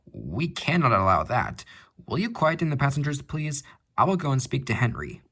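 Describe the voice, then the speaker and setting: A man's voice: medium pitch, big pitch swings, normal speed, fairly bright tone, pitched above the performer's own voice. A man reading a storybook, voicing a stern, formal male railway boss. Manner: severe, formal.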